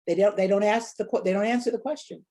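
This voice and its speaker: A woman's voice: mid-range voice, fairly even intonation, quick pace, warm tone. A woman leading a preaching workshop, teaching sermon delivery in a reflective way and posing rhetorical questions.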